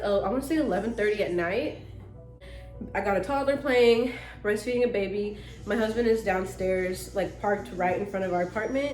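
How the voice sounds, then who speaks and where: A young woman vlogger telling a story to her viewers in a casual, animated way, cussing freely. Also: mid-range voice, reverberant. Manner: animated, swearing, talks to viewers as sis.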